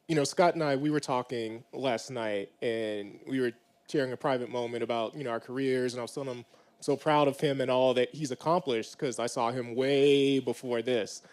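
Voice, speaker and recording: A man's voice: mid-range voice, steady tone, moderate pace, a little mellow. A man moderating a live panel, leading into questions in a reflective way.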